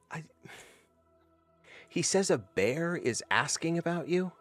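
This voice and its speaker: A man putting on a nervous male servant who speaks in a raised, careful voice, slow and halting as he stumbles through an apology. He is a flustered figure in a tabletop fantasy game, with soft music faintly underneath. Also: fairly high pitch, lively intonation, voice pushed up.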